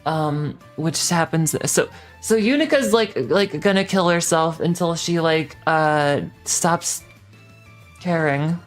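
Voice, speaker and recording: Low-voiced woman ranting through a plot recap. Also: takes it slowly, soft background music. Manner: rambling, profane and exasperated. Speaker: streamer. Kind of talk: casual stream chat, recapping a plot.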